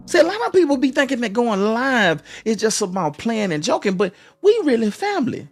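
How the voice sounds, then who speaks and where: A man's voice: very high voice, sing-song, a little fast, few pauses, faint music behind. A man hosting a live stream, giving relationship advice in a preachy way, repeating phrases and restarting often. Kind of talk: motivational live-stream talk.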